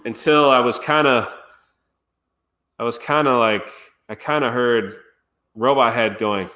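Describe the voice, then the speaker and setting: A man's voice: mid-range voice, normal speed, pushed and bright. A man streamer telling a story casually and animatedly, laughing and acting out quotes. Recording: roomy echo.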